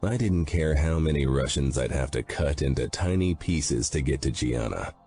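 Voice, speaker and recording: Man, audiobook narrator, grim brooding delivery, very deep voice, husky. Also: lively intonation, normal speed, mellow. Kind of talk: scripted first-person audiobook narration. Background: faint background music.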